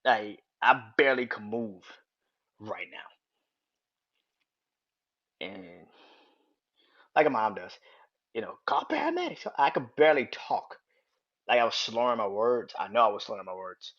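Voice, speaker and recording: A man's voice: on the low side, unhurried, long pauses, a bit bright. A man hosting his own podcast, casually telling a personal story in a rambling, repetitive way, swearing freely and chuckling often. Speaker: podcast host. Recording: dull lo-fi sound.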